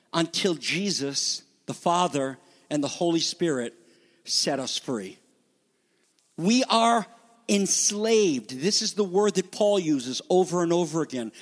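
High, lively male preacher in a hall. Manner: swings from low quiet reading to loud, high emphatic preaching. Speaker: pastor. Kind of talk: sermon. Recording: long reverb of a hall.

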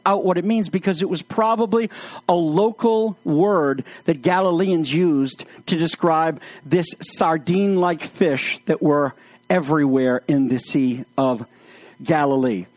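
A man's voice: sits high, no echo. A man preaching a sermon, mixing jokes and anecdotes into his teaching. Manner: humorous, anecdotal storytelling. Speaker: pastor.

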